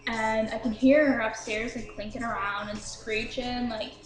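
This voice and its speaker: A woman's voice: on the high side, steady tone, normal speed, reverberant, music in the background, low-quality recording. A young woman casually telling a drunk story to her viewers, chatty and swearing freely, laughing at herself. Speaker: vlogger.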